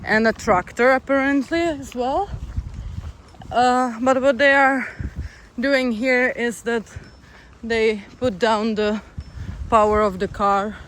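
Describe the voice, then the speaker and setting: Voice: medium pitch, fairly even intonation, slow pace, long pauses, fairly bright tone, low-quality recording. A young adult hiker chatting casually and wryly to the camera while walking outdoors by a road. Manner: chatty, easygoing, wry. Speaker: long-distance hiker, vlogger. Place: outdoors by a road in a town, windy. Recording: wind and traffic noise outdoors. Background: wind and passing vehicles.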